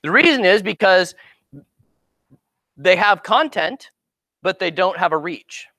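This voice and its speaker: A middle-aged man giving an informal marketing seminar in a lively, conversational way, often checking in with "right?". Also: high voice, a little slow, no room sound. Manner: conversational, animated, keeps asking "right?". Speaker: marketing speaker and actor coach.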